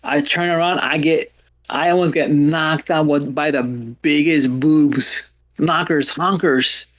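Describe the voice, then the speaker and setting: A man hosting a livestream, chatting casually and telling rambling stories with halting restarts. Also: fairly high pitch, fairly even intonation, fairly bright tone, highs cut off. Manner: rambling storyteller, laughs often, halting restarts. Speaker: stream host. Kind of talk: casual chat.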